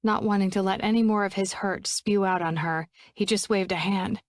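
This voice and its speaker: A woman narrating a romance audiobook in a steady, even storytelling voice on a close studio mic. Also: mid-range voice, normal speed, no echo.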